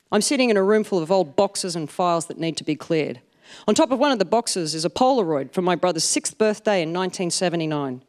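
Dry woman telling comic stories. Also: fairly low pitch. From Australia. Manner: dry, self-mocking storytelling with deadpan punchlines. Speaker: stand-up comedian. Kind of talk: comic storytelling to a live audience.

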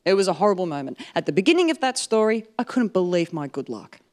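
A woman, telling a personal story to a live audience, wry and animated with comic timing. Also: lowish voice, quick pace.

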